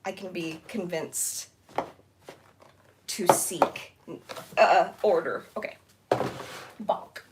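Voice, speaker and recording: A young woman live streaming while she cleans, chatting casually with giggly, rambling asides and excited squeals. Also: fairly low pitch, very slow, pauses often, very noisy. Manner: bubbly, squealing excitedly at new members.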